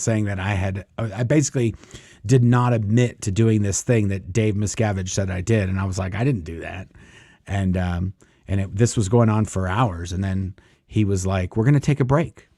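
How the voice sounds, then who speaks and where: In clean studio sound with no room ambience, a man with a low, dark voice tells a long personal story as a guest. His delivery is casual and meandering, with many fillers and acted-out quotes from other people.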